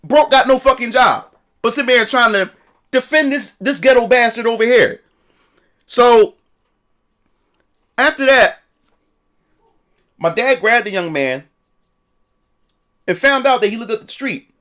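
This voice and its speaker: A man's voice: very high voice, animated, a little slow, pauses often, a bit bright. A man telling a story in a casual livestream rant, profane and repetitive. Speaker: streamer.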